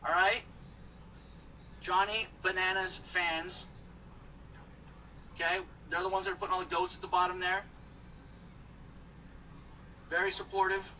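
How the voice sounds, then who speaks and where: A man talks loosely to his viewers from the driver's seat, joking and rambling, in a fairly high, bright voice. He sits a little back from the phone, and faint road noise runs underneath. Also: flat delivery, measured pace, pauses often, recorded from a distance, poor audio. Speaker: host of a live stream. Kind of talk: casual live-stream chat while driving. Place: in a car.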